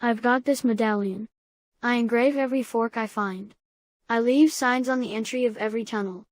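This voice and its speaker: A woman's voice: on the high side, steady tone, dry recording, natural voice. A woman reading the part of a frightened boy who stammers as he thinks aloud. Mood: anxious. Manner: halting, stammering. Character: scared, clever boy Simon trapped in tunnels.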